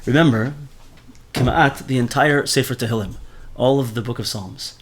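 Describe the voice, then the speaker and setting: A man's voice: medium pitch, moderate pace. Man teaching a Torah class. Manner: animated, mixes Hebrew terms into speech, repeats words often.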